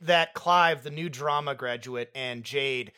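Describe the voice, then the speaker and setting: A man's voice: mid-range voice, takes it slowly, sharp tone, smooth. A man co-hosting a film review podcast, chatting casually, laughing often and mocking lines he quotes. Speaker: podcast co-host.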